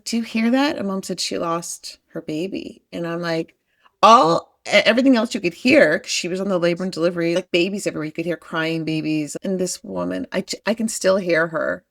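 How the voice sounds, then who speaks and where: A woman's voice: lowish voice, vocal fry, dry recording, clean studio sound. A woman hosting a podcast, listening supportively and sharing her own memory in conversation. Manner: warm supportive listener, short affirmations. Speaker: podcast host. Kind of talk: conversational interview.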